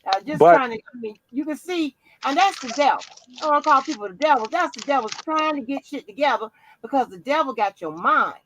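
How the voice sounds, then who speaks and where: A woman's voice: sits high, expressive, a little fast, fairly bright tone, slight background noise, rough recording. A woman hosting a live chat stream who talks loosely, stammers, and laughs often. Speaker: host. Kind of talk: casual chat.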